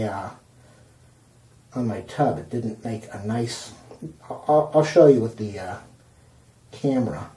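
A man's voice: lowish voice, animated, slow, pauses often, mellow, echoey room. Man rambling through a bathroom how-to. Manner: rambling, self-amused, talking while working with hands. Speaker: home repair vlogger. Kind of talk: casual how-to demonstration. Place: indoor bathroom. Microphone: handheld camcorder mic, self-filming.

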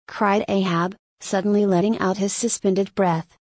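A woman reading a classic novel aloud as an audiobook, even naming the punctuation marks as she goes. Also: fairly low pitch, normal speed, few pauses, dry recording. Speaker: audiobook narrator. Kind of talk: scripted narration of a classic novel.

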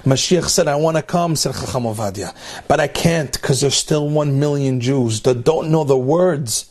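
A man's voice: fairly high pitch, normal speed, darkish tone. A man giving a Torah class, telling a story emphatically, repeating phrases for effect and mixing Hebrew terms into his English. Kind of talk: storytelling religious lecture.

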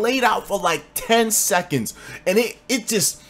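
A young male streamer in casual storytelling mode, his delivery very lively and full of rises and falls. He drops into quiet mutters, then bursts out loud. He swears freely as he talks to his viewers. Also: unhurried. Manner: animated, swings from low mutters to loud bursts.

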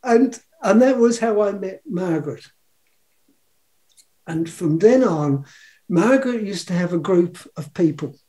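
A man's voice: high voice, lively intonation, unhurried, long pauses, dark tone. A New man in his seventies telling a personal story in a rambling, chuckling way, acting out the quotes. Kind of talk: casual storytelling.

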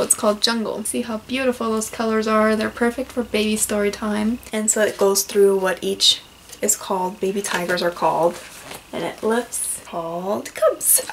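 A woman's voice: on the high side, a little hiss or hum, low-quality recording. A young woman, a librarian, casually reviewing picture books and reading bits aloud in a playful storytime voice.

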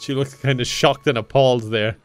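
Over music, a young man with a steady, medium-pitched voice gives fairly quick, casual commentary on his gameplay. He jokes, laughs, and swears a lot, and he talks to the characters in silly mock voices.

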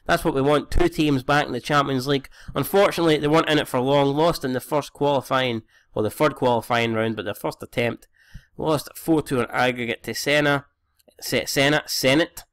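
A young Scottish man giving casual, sweary commentary on a football management game, often tripping over names. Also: medium pitch. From Scotland. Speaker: gaming YouTuber.

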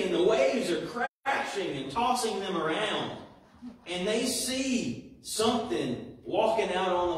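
A man preaching a sermon in a church, in a conversational, chuckling manner. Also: high voice. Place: church sanctuary. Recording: echoey church hall from far off.

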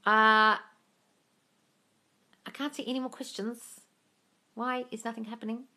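Woman doing a phone livestream q&a at home, sharp bright voice, swears a lot, reads out comments and says darling to everyone. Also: a little high, little pitch movement, a little slow. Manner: blunt and swears freely, calls viewers darling; reads comments aloud, then answers them. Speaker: manifestation coach answering viewer questions. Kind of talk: casual livestream Q&A. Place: at home with her cat.

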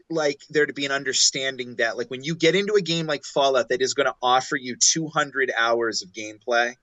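A man's voice: mid-range voice, pushed and bright, no room sound. A man in his thirties co-hosting a casual gaming podcast, teasing and rambling in long runs. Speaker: podcast co-host. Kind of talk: casual chat.

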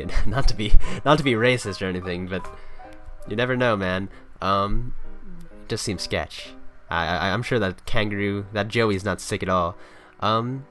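A man's voice: on the low side, a little slow, fairly bright tone, soft background music. A young man giving casual let's play commentary. He jokes, laughs often and reads game text aloud.

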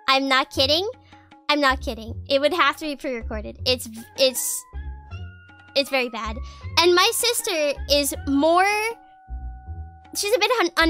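Giggly woman streamer rambling away, super animated voice, some music faint behind her. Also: sits high. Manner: giggly, rambling, many restarts. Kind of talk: casual chat.

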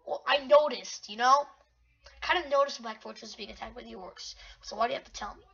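Excitable high-voiced woman gaming, lo-fi. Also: brisk, gravelly, breathy edge. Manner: excitable, rambling, talks to self. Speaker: gamer. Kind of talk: gameplay commentary. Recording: dull lo-fi recording.

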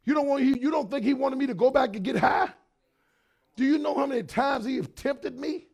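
A pastor in his fifties preaching a sermon, swinging between shouted lines and quieter talk, with lots of repetition. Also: very high-pitched, fairly quick, vocal fry. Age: 50s.

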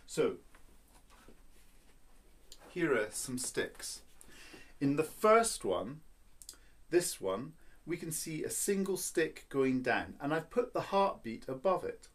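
A man's voice: on the high side, very animated, slow pace, long pauses. A man teaching a children's violin lesson, patient and playful, counting beats and explaining step by step.

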